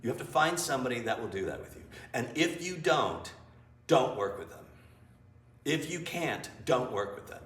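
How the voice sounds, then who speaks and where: At medium pitch and normal speed, an improv teacher and interview guest tells candid stories to a live audience in a small theater. He swears freely with blunt candor and acts out scenes animatedly. A distant mic captures his voice from afar in an echoey room with faint ambience.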